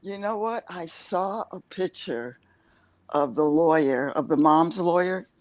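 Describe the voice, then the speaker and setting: An older woman calling in to a live stream, chatting cheerfully and warmly. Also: on the low side, measured pace, no room sound. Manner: cheerful, gushing. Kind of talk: casual call-in chat.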